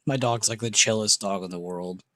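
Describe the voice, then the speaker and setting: A man's voice: fairly low pitch, a little slow, no echo. A man hosting a live trading stream, chatting casually and talking to his dog between comments. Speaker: livestream trading host.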